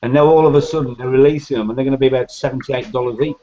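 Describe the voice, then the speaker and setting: A man's voice: medium pitch, steady tone, rapid-fire, mellow, a little hiss or hum. A man chatting casually on a video call, blunt and grumbling. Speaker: hobbyist scale modeler on a video hangout. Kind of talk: casual chat. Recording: dull lo-fi video call audio.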